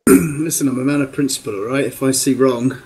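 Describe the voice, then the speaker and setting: Male friend on voice chat, mid-pitched, mock-principled tone. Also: steady tone, a little fast, darkish tone, slightly rough, poor audio. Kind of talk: casual chat.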